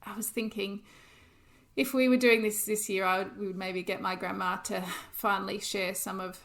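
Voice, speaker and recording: Gravelly-voiced woman, chatty podcast host. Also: medium pitch, little pitch movement, normal speed, fairly bright tone. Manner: chatty, practical, laughs often. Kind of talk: casual chat.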